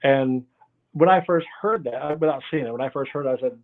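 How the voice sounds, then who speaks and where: A man talks through his stories as a guest, circling back and losing his thread as he goes. His voice sits at an everyday middle pitch. It comes through thin and tinny, like a phone line on a video call. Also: fairly even intonation, fast talker. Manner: rambling, loses his train of thought. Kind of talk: casual interview storytelling.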